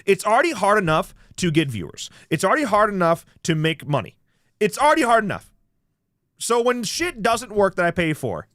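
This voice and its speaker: High, lively man ranting on a stream. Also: no echo, clean studio sound. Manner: frustrated ranting, profane, swings from muttering to shouting. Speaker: livestream host. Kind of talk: casual livestream chat.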